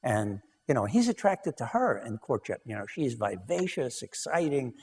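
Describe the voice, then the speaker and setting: A man's voice: mid-range voice, very animated, moderate pace, darkish tone, in a large hall, slight background noise. A man giving a conversational lecture on couples research, telling anecdotes and acting out dialogue, with frequent "you know".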